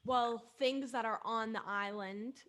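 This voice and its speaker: A woman's voice: on the high side, fairly even intonation, a little slow, fairly bright tone. A woman co-hosting a casual school podcast, playful and jokey, stretching words for emphasis. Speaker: podcast co-host. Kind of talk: casual group chat.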